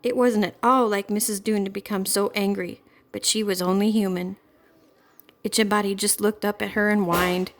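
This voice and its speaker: A woman reading a children's storybook aloud in a gentle, expressive storytelling manner. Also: mid-range voice, normal speed. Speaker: storybook reader.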